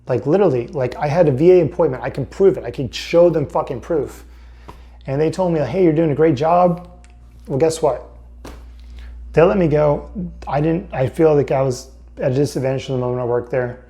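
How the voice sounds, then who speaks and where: A man's voice: on the high side, brisk, warm tone. A young man telling a story about losing his job in a casual, rambling way, frustrated and swearing often. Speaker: vlogger, Navy veteran.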